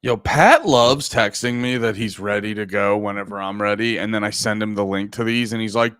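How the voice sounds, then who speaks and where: A man's voice: fairly low pitch, brisk, hardly any pauses, fairly bright tone, clean tone, no echo, clean studio sound. A man in his thirties from the United States, hosting a casual livestream chat in a rambling, profane way with lots of fillers. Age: 30s. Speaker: livestream host.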